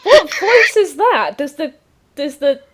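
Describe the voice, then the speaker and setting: A woman's voice: extremely high pitch, very animated, a little slow, a crowd in the background. A woman running a tabletop game, bantering playfully with her players in casual chat.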